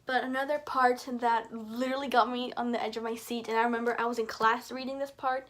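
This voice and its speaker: Young woman gushing about books, high bright voice, chatty, acts out her gasps and reactions. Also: fairly quick. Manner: chatty, excitable, acts out quoted reactions with big pitch jumps. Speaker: book reviewer. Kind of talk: casual book review vlog.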